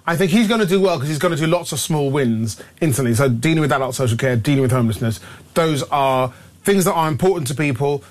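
A man's voice: fairly high pitch, fast. A man in a radio studio giving his view as a political commentator, earnest and chatty. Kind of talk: radio studio guest discussion.

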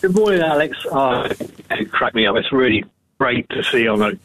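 A man's voice: mid-range voice, expressive, normal speed, a bit bright, a little hiss or hum, rough recording. A man phoning in to a radio show, amused and rambling with hesitations. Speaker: caller. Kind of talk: phone-in call.

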